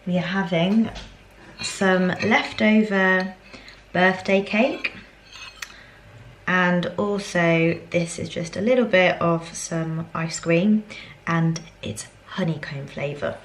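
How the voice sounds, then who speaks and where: Young woman, low-ish voice, casual rambling vlog chat, lots of "like". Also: fairly even intonation, extremely slow, pauses often, reverberant, a little hiss or hum, low-quality recording. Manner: chatty, rambling, full of "like". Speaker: vlogger.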